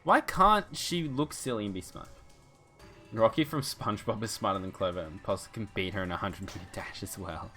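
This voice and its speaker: Guy streaming a game, jokey and lively, bright voice, some music behind. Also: lowish voice, normal speed. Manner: animated, joking, swears. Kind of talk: casual gameplay commentary.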